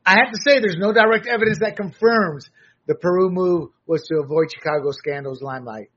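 Blunt, husky-voiced man ranting solo. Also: high voice, fairly quick, a bit bright, dull audio. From United States. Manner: blunt, sarcastic, with frequent restarts. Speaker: commentator. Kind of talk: opinionated solo commentary.

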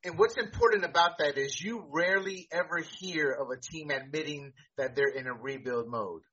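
A man co-hosting a casual sports podcast. He talks in an animated, emphatic way and often repeats words as he starts a sentence. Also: a little high, moderate pace, dull audio, a little hiss or hum. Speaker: podcast co-host.

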